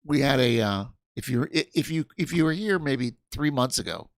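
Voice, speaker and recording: A tired man chats his way through a late-night livestream in a gravelly, fry-laden voice. He rambles, stops and restarts his sentences, and yawns between thoughts. The sound is dry and close, with no room around it. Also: medium pitch, lively intonation, fairly quick, dry recording. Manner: rambling, self-interrupting, tired and yawning. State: sleepy. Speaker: livestream host. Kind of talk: casual livestream chat.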